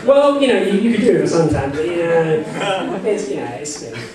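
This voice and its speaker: A man with a high voice narrates a live text-adventure game as game master, joking and rambling with frequent asides. He is recorded from far off in a very echoey hall, with a crowd audible around him. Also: animated, fairly quick. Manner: jokey and rambling, full of "you know" asides, laughing often. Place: convention panel room with an audience.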